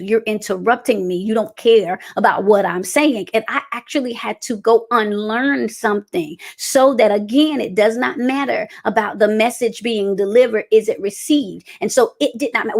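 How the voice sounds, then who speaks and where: A woman's voice: mid-range voice, gravelly. A woman giving a conversational motivational talk on communication, with frequent fillers and restarts. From American South. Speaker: speaker on communication.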